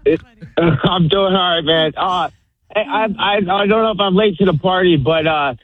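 A man calling in to a radio show, talking in a relaxed, halting way over a phone line. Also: high-pitched. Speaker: caller. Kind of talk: call-in radio talk.

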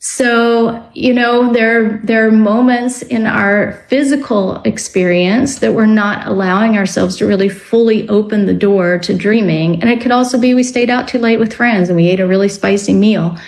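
A woman speaks as a guest on a radio talk show. Her delivery is reflective and explanatory. She slows down on some words as she works through her ideas. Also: medium pitch, a little mellow, low-quality recording. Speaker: guest author on dreams. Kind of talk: radio interview.

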